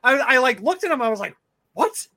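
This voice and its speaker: High bright-voiced man, swearing storyteller. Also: lively intonation, fast. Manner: profane rambling storytelling. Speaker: podcast host. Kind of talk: casual chat.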